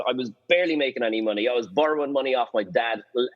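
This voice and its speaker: Irish man telling lively anecdotes. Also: mid-range voice, very fast, lo-fi sound. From Ireland. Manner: lively anecdotes, acts out quoted voices. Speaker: guest, sailing photographer. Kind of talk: casual podcast storytelling.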